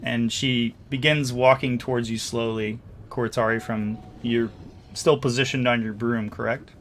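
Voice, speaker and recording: A man's voice: medium pitch, fairly even intonation, moderate pace. Male game master, loose hesitant narration, faint hiss behind. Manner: casual, hesitant narration with many fillers.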